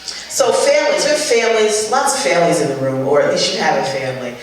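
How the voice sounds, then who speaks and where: An older woman comedian doing stand-up on a charity show stage, telling stories in an animated, exasperated way with punchy asides. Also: fairly low pitch, fast talker. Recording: echoey hall, voice far from the mic, faint ambience.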